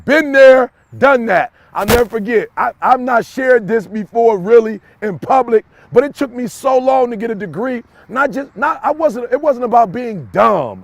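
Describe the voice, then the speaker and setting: A man giving an emphatic, repetitive motivational talk straight to the listener, breaking into shouts and folksy asides. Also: very high-pitched. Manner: folksy, addresses listener directly. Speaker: motivational speaker.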